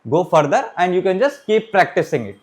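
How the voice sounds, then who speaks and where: A man teaches a beginners' French lesson in a high, light voice. He talks in a loose classroom way, restarts his sentences, and keeps calling out "okay, my friends" to his students. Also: big pitch swings. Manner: repeats "okay, my friends", restarts and pauses while writing. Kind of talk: classroom lecture.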